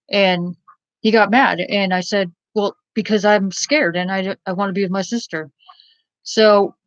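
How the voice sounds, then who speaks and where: A woman's voice: mid-range voice, no room sound, highs cut off. A woman casually telling a personal story in a blunt, rambling way, with many fillers and some swearing.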